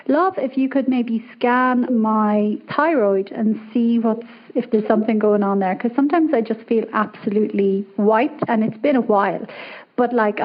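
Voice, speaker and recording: Irish woman caller, chatty and upbeat, fairly high voice, muffled call audio. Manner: chatty, upbeat, quick to laugh. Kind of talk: casual call-in chat. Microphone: remote call audio.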